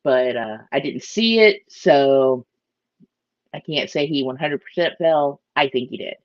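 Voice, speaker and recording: A woman's voice: low-pitched, lively intonation, measured pace, dry recording, dull audio. Bubbly woman streaming about fish. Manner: chatty, bubbly, greets viewers by name. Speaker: aquarium live-stream host. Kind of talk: casual live-stream chat.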